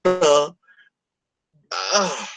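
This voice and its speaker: High-voiced, profane male podcast host. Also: lively intonation, very slow, fairly bright tone, poor audio. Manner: profane, rambling, opinionated. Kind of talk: casual podcast chat.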